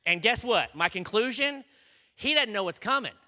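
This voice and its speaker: A conference speaker preaches a sermon to students, telling a story with energy and frequently asking "okay?" His high-sitting voice is expressive, bright, and forceful at a normal speed, and a large hall adds long reverb.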